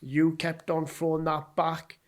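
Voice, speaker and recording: Geordie guy on a podcast, bit higher voice, swears a lot, tells it straight and plays out the conversations. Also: completely flat delivery, measured pace. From North East England. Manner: blunt and sweary, acts out what people said. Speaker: podcast guest. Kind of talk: emotional personal storytelling.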